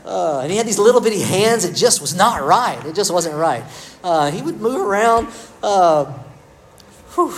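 Pastor guy, middle-aged, slightly high voice, chatty sermon, teasing himself. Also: animated, normal speed, rough recording. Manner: conversational, self-deprecating, addresses the congregation by name.

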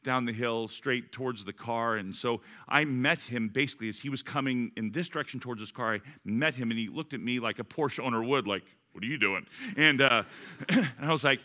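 A man's voice: mid-range voice, brisk. A man, a pastor, preaching a sermon and telling a personal story, acting out both sides of the conversation. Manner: animated storyteller, acts out both sides of a dialogue.

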